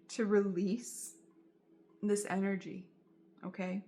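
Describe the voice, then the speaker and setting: A woman's voice: medium pitch, fairly even intonation, a little slow. A woman giving a tarot reading straight to her viewers, in a soothing, reassuring way and often repeating her phrases. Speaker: tarot reader.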